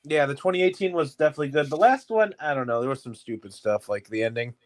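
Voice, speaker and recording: A man's voice: on the high side, expressive, fast talker, dry recording. Joking podcast co-host, a man. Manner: joking, profane, laughing at his own bits. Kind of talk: casual chat.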